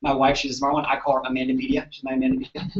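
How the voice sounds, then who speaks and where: A man, a chiropractor, telling patient stories to colleagues in an animated, chatty way, often asking "right?". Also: mid-range voice, racing. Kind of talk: storytelling talk to an audience. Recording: echoey room, distant dull mic.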